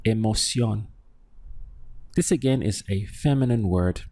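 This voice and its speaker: A man with a fairly low voice leads a language lesson at a very unhurried pace, pausing to quiz the listener. The sound is dry and close, with no room echo. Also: dark tone. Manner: patient, quizzing the listener and modeling words slowly. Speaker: Spanish teacher. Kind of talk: slow, deliberate language lesson.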